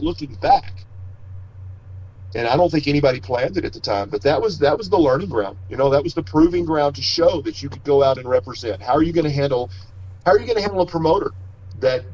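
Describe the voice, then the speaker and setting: This middle-aged wrestler talks fast, his fairly high voice lively in intonation and a little mellow. As an interview guest he tells rambling stories, frequently self-correcting and restarting, recorded with no room sound in slightly dull lo-fi audio.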